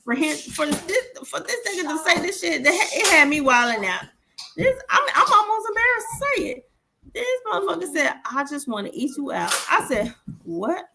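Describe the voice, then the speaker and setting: A woman's voice: very high-pitched, big pitch swings, normal speed, creaky, pushed and bright, slight background noise. A woman in her forties, a podcast co-host, telling stories animatedly and swearing freely as she acts out the dialogue. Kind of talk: casual storytelling chat.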